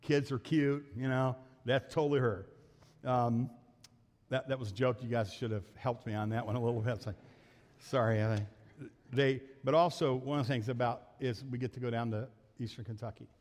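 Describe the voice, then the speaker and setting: A middle-aged man, a pastor, preaching a sermon in a folksy way, rising to loud emphatic peaks and dropping back to asides. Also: medium pitch, steady tone, normal speed. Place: church sanctuary. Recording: long reverb of a church hall.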